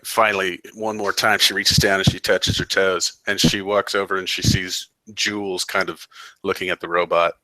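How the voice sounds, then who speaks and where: A man narrating as game master of a tabletop game, telling the scene in a relaxed, hesitant way with many fillers. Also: low voice, normal speed, no echo, low-quality recording.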